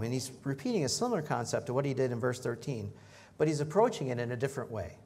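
A man preaching a sermon in a conversational way, joking with the congregation and rising in pitch and volume when he reads scripture. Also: animated, fast, few pauses, a little mellow. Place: church in front of a congregation.

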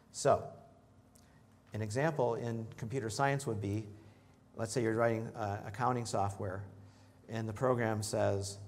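A man preaching a sermon in a conversational way, joking with the congregation and rising in pitch and volume when he reads scripture. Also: steady tone, a little slow, darkish tone. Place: church in front of a congregation.

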